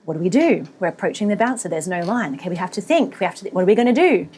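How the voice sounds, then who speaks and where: A woman in her thirties co-hosting a podcast, telling a story in a casual, animated way and laughing often. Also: on the low side, rapid-fire, slight background noise. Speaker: podcast co-host.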